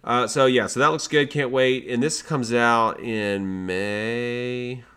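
A man's voice: mid-range voice, fairly even intonation, takes it slowly, a bit bright, clean tone. A man co-hosting a podcast, chatting casually about movie trailers with jokey, sarcastic asides. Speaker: podcast co-host.

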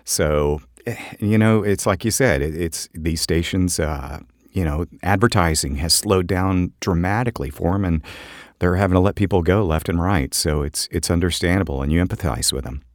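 Deep-voiced man in easygoing podcast chat. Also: normal speed, no room sound, studio quality. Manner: easygoing, rambling, many fillers. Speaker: podcast co-host, voice actor.

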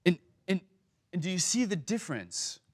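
A man's voice: sits high, sing-song, normal speed, slightly rough. A man giving a sermon as a pastor, speaking conversationally with many stammered restarts and fillers.

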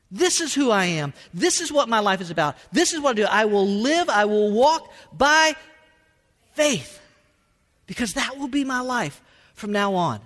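High-voiced preacher in an echoing hall. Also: male voice, bright, forceful tone. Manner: emphatic, repeats words, Southern-style y'all. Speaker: pastor. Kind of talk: sermon.

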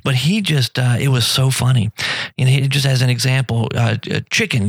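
A middle-aged man hosts a live radio show, talking in a loose, rambling way full of fillers. His voice has a gravelly edge and sits at an ordinary pitch. The studio sound is dry and close. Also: fairly quick, no echo. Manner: rambling, friendly, many fillers and restarts. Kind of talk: casual live radio talk.

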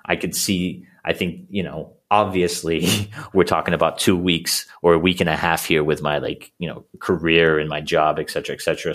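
A man's voice: extremely low pitch, fairly bright tone. A man in his thirties talking through his thoughts as a coaching client, rambling with lots of fillers and restarts. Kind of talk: casual conversation.

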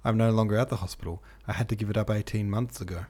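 A man reading aloud and voicing a reserved young man who speaks coldly and gravely. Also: fairly low pitch, fairly even intonation, fast talker, a little mellow. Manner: cold and grave. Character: cold, reserved young man, a former medical student.

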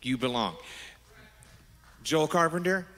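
A middle-aged man preaching as a pastor, animated and affectionate, wandering into asides with his congregation. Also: fairly high pitch, slow pace. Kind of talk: sermon. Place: large church sanctuary. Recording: long hall reverb.

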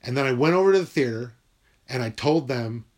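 A man telling a personal story from his school days in a wry, profane, animated way. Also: medium pitch, a little fast.

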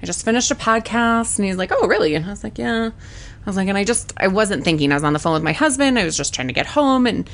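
A young woman co-hosting a casual podcast, telling a long story. She talks at an even middle pitch and jumps up high whenever she acts out what she or someone else said. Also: fast talker. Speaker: podcast co-host.

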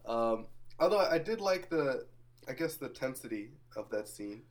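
Male podcast co-host, mid-pitched, laid-back and thoughtful, filler-heavy chat. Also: moderate pace. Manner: relaxed and reflective, uses many fillers. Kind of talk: casual movie discussion.

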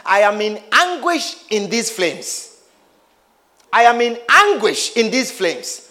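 A man preaching while voicing a tormented rich man who loudly pleads for pity. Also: high-pitched, sing-song, slow, heavily acted. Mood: pleading. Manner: pleading, raised and strained.

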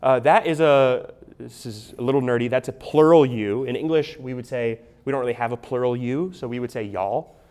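A man delivers an expository sermon at a middle pitch. He teaches conversationally, restarting phrases and checking in with his listeners. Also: a little fast, darkish tone, smooth. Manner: conversational teaching, frequent restarts, asks "right?". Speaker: pastor.

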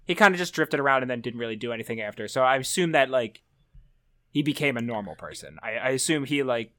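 A man's voice: mid-range voice, lively intonation, quick pace, a bit bright, slight background noise. A man co-hosting a casual podcast, joking about a movie and breaking into mock voices. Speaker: podcast co-host.

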